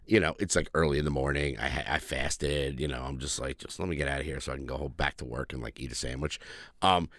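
A middle-aged man hosting a podcast, joking crudely and telling stories with animated swings. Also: a bass voice, quick pace, no room sound, studio quality. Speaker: podcast host. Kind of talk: casual chat.

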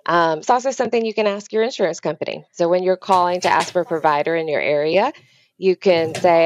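A woman's voice: fairly low pitch, quick pace, lo-fi sound, slight background noise. A woman therapist giving explanatory advice over a video call, with frequent ums. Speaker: therapist guest. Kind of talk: remote interview conversation.

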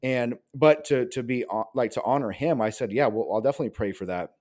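Man, around 40, pastor, casual interview, rambling, earnest, mid-pitched voice. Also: quick pace, a little mellow. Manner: rambling, earnest, heavy use of "like".

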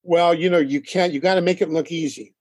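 Animated storytelling man, slightly high voice. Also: brisk, dry recording. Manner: animated storyteller, acts out quotes, laughs often. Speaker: band leader and drummer. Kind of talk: casual interview chat.

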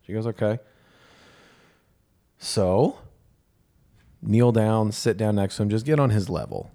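A man's voice: lowish voice, unhurried, creaky, mellow. A man co-hosting a podcast, casually telling a candid, self-deprecating story and acting out the lines of others. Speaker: podcast co-host.

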